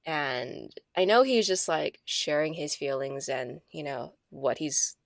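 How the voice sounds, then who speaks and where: In clean, dry studio sound, a thirtysomething podcast co-host tells a personal story in loose, chatty talk, leaning often on "like". Her voice sits low and gravelly, and she takes it slowly.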